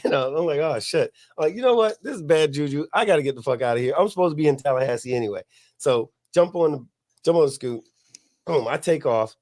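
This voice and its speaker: A middle-aged man, hosting a podcast and telling a long, profane story in a relaxed way, laughing as he goes. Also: fairly high pitch, quick pace. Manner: laid-back, profane, laughs at his own story. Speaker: podcast host. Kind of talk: casual storytelling.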